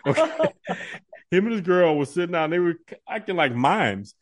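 A man co-hosting a podcast, telling stories in animated, casual chat and laughing often. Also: high-pitched, normal speed. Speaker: podcast co-host.

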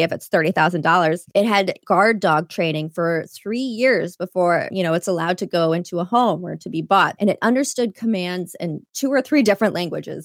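A woman's voice: mid-range voice, dry recording, studio quality. A woman co-hosting a podcast in casual chat, recapping with wry asides. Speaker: podcast co-host.

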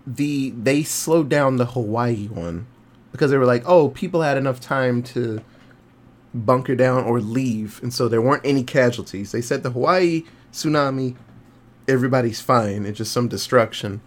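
A young man talks through a film's plot in a loose, casual podcast chat. He slips into little quoted voices for the characters and drops swear words as he goes. His voice sits at an ordinary middle pitch. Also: moderate pace. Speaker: podcast co-host. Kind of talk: casual movie review chat.

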